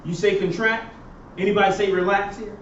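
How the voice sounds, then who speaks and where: A man with a high voice lectures in a classroom and keeps pausing so his students can fill in the answers. He is picked up from a distance by a dull recording. The room is echoey, with faint background noise. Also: fairly even intonation. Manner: quizzing students with fill-in questions. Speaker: professor.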